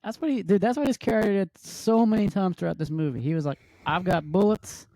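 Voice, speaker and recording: A man co-hosting a casual movie review chat, excitable and acting out scenes with loud yelps. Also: high-pitched, quick pace, no echo. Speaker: podcast co-host.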